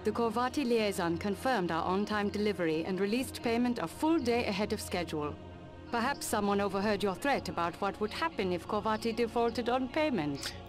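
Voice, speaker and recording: A composed female briefing officer, voiced by a woman reports in a smooth, dry-humored manner. Her pitch is middle for a woman. Game music plays clearly behind her. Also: lively intonation, fairly quick, natural voice. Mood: wry.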